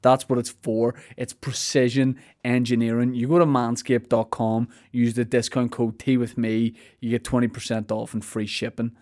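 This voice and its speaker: A man's voice: medium pitch, level tone, normal speed, few pauses, a little mellow. A man hosting his podcast from a studio, telling a comic story in a rambling, self-mocking way. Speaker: podcast host. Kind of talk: casual comic monologue.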